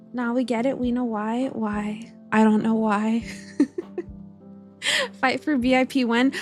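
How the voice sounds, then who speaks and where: A young woman streaming from home, chatting casually and a little rambling, giggling as she greets her chat by name. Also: on the high side.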